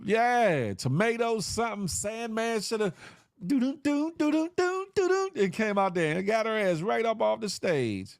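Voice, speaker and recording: A man hosts a live online show and riffs with his viewers in a loose, joking way, with slang and playful sound effects. His voice sits a little high for a man. The sound is close and dry, with no room echo. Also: animated, moderate pace, gravelly, few pauses, clean tone. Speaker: livestream show host. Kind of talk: casual live chat reacting to viewers.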